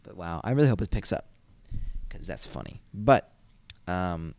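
A young adult college student from Massachusetts tells casual stories in a vlog, rambling and chatty with many fillers and restarts. His voice is low, gravelly and darkish, expressive, at a normal speed.

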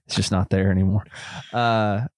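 A man with a Southern US country accent chats loosely about films on his podcast, tossing in "bro" and "man". His voice sits somewhat low. The sound is dry and close. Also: steady tone, moderate pace, a little mellow, no echo. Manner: laid-back, rambling, says bro and man. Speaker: podcast co-host. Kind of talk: casual chat.

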